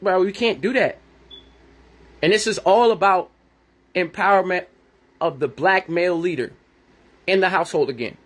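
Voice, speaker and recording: A man in his thirties hosting a podcast, giving a blunt, profane, heated monologue and acting out conversations he has had. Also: high voice. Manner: reenacts his own conversations. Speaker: podcast host. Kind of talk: ranting monologue.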